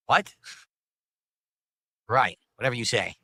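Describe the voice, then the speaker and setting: A man's voice: fairly high pitch, expressive, fast talker, bright, forceful tone, no echo. A man recapping a video game trailer as a YouTuber, matter-of-fact with dismissive asides.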